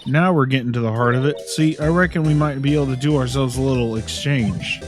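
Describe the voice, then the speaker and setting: A man's voice: medium pitch, a little fast, over music, close to an everyday voice. A man voicing a brash young Southern woman photographer with a put-on drawl, folksy and fond of bargaining. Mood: wheeling-dealing. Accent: American Southern, put on.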